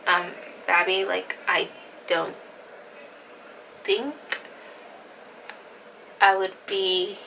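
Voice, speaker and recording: A woman's voice: mid-range voice, flat delivery, extremely slow, creaky, long pauses, bright, forceful tone, a little hiss or hum, poor audio. A young woman vlogger telling a personal story in casual chat, often saying "like" and sometimes dropping to a whisper. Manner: fillers "like", acts out quotes, drops to a whisper at times.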